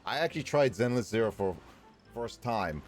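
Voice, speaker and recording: A man's voice: mid-range voice, expressive, normal speed, faint music behind. A young man streaming a game, chatting casually and rambling between reading lines aloud. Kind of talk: casual let's-play commentary.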